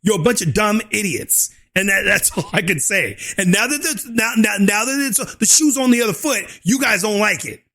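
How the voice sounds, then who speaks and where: A man hosting his own channel, ranting loudly with mocking laughter and put-on imitations of opponents. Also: high-pitched, expressive, moderate pace, hardly any pauses. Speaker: host. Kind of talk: opinion rant.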